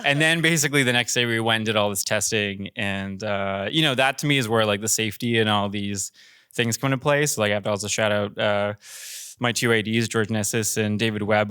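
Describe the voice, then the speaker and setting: A man's voice: fairly low pitch, pushed and bright, smooth, no room sound, clean studio sound. A man directing commercials, telling a rambling, filler-heavy story on a panel in a theater. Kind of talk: casual panel talk.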